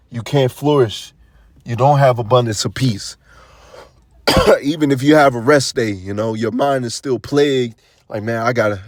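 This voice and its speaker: A man's voice: mid-range voice, no echo. Dry, casual-sounding man preaching. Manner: slangy, conversational, reads verses aloud then riffs. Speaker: scripture teacher. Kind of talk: casual online sermon.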